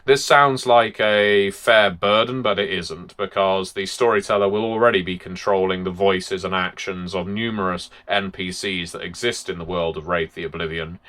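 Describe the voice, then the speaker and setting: Man, game master and host, low voice, bright edge, chatty explanations. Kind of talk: explaining tabletop tips.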